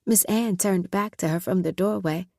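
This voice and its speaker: A woman narrating a story in a measured, scripted audiobook reading. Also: medium pitch, vocal fry, warm tone, no echo, studio quality.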